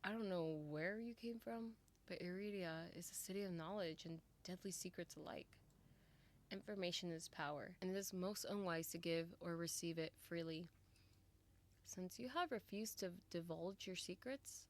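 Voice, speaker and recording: Woman reading as a calm, formal male doctor. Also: fairly low pitch, lightly acted. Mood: measured. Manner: measured, courteous, formal.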